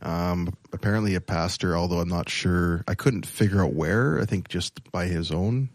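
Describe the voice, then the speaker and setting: A man co-hosting a podcast, telling a story in a rambling, hesitant way with many pauses. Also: low voice, dry recording. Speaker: podcast co-host. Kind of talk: casual chat.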